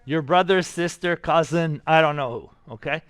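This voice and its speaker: An energetic male art teacher who talks his students through a live drawing demonstration. His voice sits a little high, and the recording is close and dry with no room sound. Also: normal speed, clear, resonant tone, no room sound.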